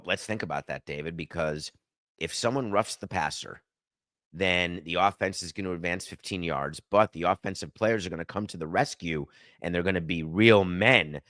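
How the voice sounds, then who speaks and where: A man's voice: sits low, pushed and bright, dry recording, studio quality. A middle-aged man hosting a sports podcast, delivering an emphatic, sardonic opinion monologue and arguing with himself. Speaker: podcast host.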